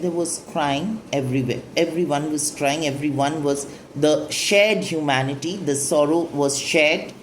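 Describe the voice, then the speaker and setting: A woman's voice: low-pitched, expressive, measured pace, hardly any pauses, a little hiss or hum. A woman teaching a poetry lesson, explaining the lines and asking and answering her own questions. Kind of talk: literature lesson explaining a poem.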